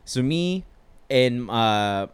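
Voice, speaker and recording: A man's voice: mid-range voice, expressive, extremely slow, smooth, dry recording. A young man telling a long story in casual chat, rambling with lots of filler words and swearing freely. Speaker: podcast storyteller.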